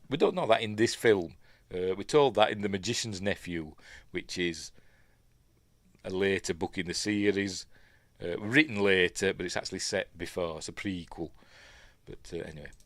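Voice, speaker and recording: At home, a middle-aged Yorkshire-accented film reviewer chats his way through a rambling commentary, correcting himself often. His pitch is fairly low, and there's no echo.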